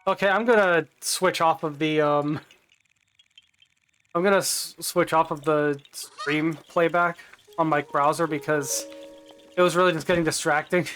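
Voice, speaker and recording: A man's voice: on the high side, steady tone, a little slow, fairly bright tone, soft background music. Rambling man streaming a game. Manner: rambling, self-correcting, chuckles to himself. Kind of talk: casual live-stream commentary.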